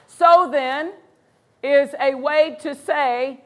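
A woman pastor delivers a sermon in a bright, high voice. She speaks with emphasis, drawing out the scripture quotes slowly. Now and then she bursts into animated excitement.

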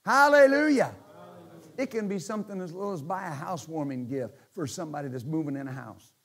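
A pastor preaching a lively sermon. His voice sits a little high for a man and jumps between quiet asides and loud bursts. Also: fast, vocal fry. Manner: animated, joking, swings from quiet to shouting.

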